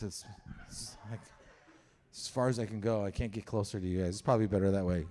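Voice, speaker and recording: Young man, stand-up comedian, crude, conversational, fairly high voice, acts out characters. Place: comedy show stage with live audience.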